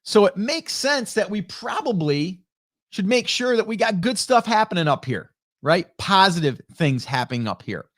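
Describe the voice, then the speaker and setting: A man's voice: high-pitched, very animated, moderate pace, a bit bright. Upbeat chatty man on a live stream. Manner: chatty, rambling, upbeat, greets viewers by name. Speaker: live stream host reading chat. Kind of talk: casual live chat. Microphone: broadcast dynamic studio mic.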